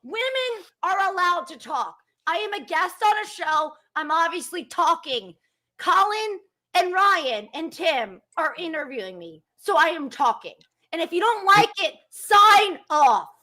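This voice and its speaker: A woman's voice: extremely high pitch, very animated, measured pace, sharp tone. A woman in her thirties, a guest on a live call-in show, talking in a heated, profane rant. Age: 30s. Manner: fired up, ranting with profanity. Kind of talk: heated live-stream chat.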